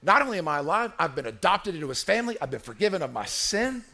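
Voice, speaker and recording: High, gravelly, bright-voiced pastor preaching. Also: male voice, very animated, fast talker. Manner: emphatic, repetitive, asks the congregation to answer. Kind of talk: sermon. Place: church.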